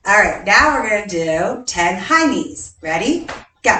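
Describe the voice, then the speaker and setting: Cheerful gymnastics coach, echoey gym. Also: female voice, a little high, takes it slowly, pushed and bright, distant mic, a little hiss or hum. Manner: cheerful, counts reps aloud, chuckles often. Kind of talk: live online workout class. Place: large gym. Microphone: camera a distance away.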